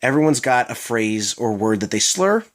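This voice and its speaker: A man's voice: medium pitch, sing-song, normal speed. A young man from Maryland with a Baltimore accent, chatting casually in a vlog, rambling with lots of fillers and self-mocking asides. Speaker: vlogger.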